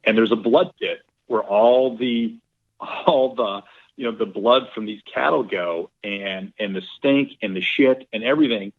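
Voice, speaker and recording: Low-voiced man telling stories over a phone line. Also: measured pace. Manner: rambling, animated storyteller with many fillers. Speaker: podcast guest, golf professional. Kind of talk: casual storytelling interview.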